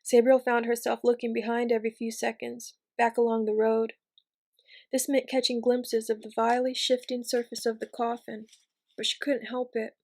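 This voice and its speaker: Woman reading a novel in an even tone. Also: fairly high pitch, moderate pace. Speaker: reader. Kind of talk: audiobook reading.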